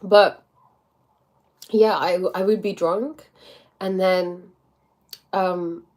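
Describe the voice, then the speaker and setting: A young woman with a blocked nose, chatting casually on a livestream, with lots of likes and quick acted-out quotes. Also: on the low side, steady tone, darkish tone. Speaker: livestream host.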